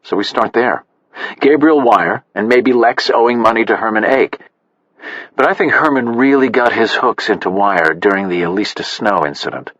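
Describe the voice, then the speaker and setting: A man's voice: on the low side, normal speed, fairly bright tone, dry recording. A man as a dry, wry sports agent. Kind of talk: audiobook character voice. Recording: dull, slightly muffled.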